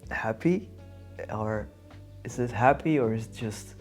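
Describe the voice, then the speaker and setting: A young man with a Dutch accent, chatting to camera in English in a hesitant, halting way and searching for words. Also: lowish voice, soft background music. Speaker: vlogger. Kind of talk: casual chat to camera.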